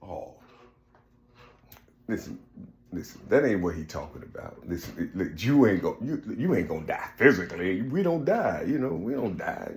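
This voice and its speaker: A man voicing deceitful gremlin spirits, speaking in a hushed, coaxing way. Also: sits low, big pitch swings, normal speed, a little hiss or hum.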